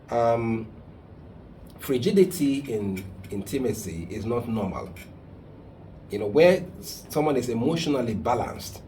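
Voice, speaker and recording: A man's voice: medium pitch, dark tone, slight background noise. A man hosting a call-in advice show, speaking in an emphatic, preachy way that gets heated. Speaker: radio call-in host and counselor.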